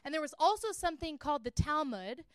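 A woman's voice: high-pitched, big pitch swings, quick pace, dry recording, clean studio sound. A young adult woman giving a casual Bible teaching talk, chatty and earnest with frequent fillers.

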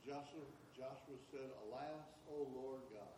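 A man in the group reads a verse aloud in a flat, husky voice. He sits far from the mic, and a long hall reverb surrounds his words. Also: medium pitch, normal speed. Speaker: study group member. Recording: distant, echoey hall, off mic.

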